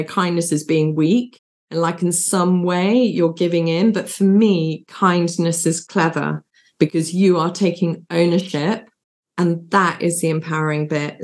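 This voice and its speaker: A middle-aged British woman, a divorce coach, talking candidly and warmly in an interview over a video call, telling her story with quoted inner thoughts. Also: lowish voice.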